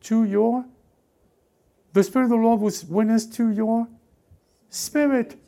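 A man preaching a sermon with fervent, repetitive call-and-response urging, swinging between loud exhortation and hushed asides. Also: extremely high pitch, steady tone, unhurried.

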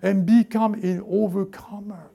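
A man preaching a sermon with fervent, repetitive call-and-response urging, swinging between loud exhortation and hushed asides. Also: high-pitched, steady tone, a little slow, vocal fry.

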